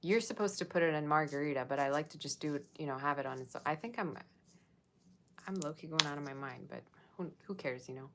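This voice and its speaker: On her livestream, a tarot reader with a low, fast voice casually reads out comments from viewers and responds to them. Faint background noise is audible.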